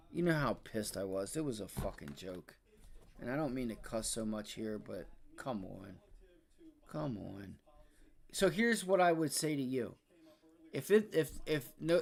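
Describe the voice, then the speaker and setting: Young man, day-trading streamer, profane ranting, fairly high-pitched, loud bursts then low mutters. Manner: frustrated, profane, ranting about price action; swings between loud outbursts and low muttering. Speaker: day trading livestream host. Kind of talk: live market commentary.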